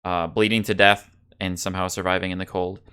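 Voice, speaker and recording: A man's voice: sits low, flat delivery, a little fast, sharp tone, clear, resonant tone. A man hosting a podcast over a video call, upbeat and steering the conversation. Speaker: podcast host. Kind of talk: casual podcast chat.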